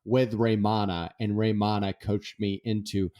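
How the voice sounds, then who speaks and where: A man's voice: on the low side, unhurried. A man, a guest author, telling stories in an interview and acting out the dialogue. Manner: animated, acts out dialogue. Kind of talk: storytelling in an interview.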